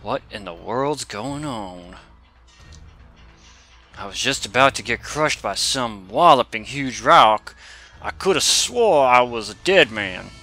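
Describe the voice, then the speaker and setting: A man's voice: mid-range voice, expressive, moderate pace, few pauses, sharp tone, faint music behind, full character voice. A man hamming up a brash explorer with a put-on Aussie drawl. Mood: bewildered. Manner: exaggerated hammy reading.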